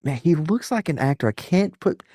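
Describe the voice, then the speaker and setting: A man's voice: on the high side, sing-song, normal speed, warm tone, no room sound, clean studio sound. A man hosting a casual reaction chat, rambling and profane, laughing often and restarting his sentences. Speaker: streamer host.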